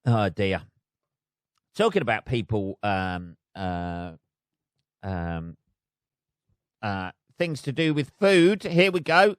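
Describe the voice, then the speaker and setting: A man's voice: fairly low pitch, very animated, slow pace, pauses often, clean tone, no echo, studio quality. A British man hosting a solo podcast, reading out news stories with sweary, sarcastic commentary. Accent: British English. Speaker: podcast host.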